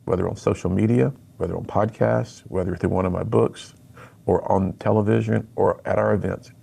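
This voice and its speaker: A middle-aged man, a guest on a radio interview, telling his personal story in an earnest, animated way and acting out the lines he quotes. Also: lowish voice, brisk, vocal fry, breathy edge. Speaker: radio guest, speaker to students.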